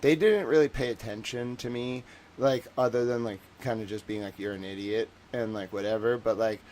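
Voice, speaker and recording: A man's voice: mid-range voice, fairly even intonation, normal speed, darkish tone, rough recording. Rambling young man chatting on a livestream. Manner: rambling, jokey, many fillers, acts out voices. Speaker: livestream host. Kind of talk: casual livestream chat.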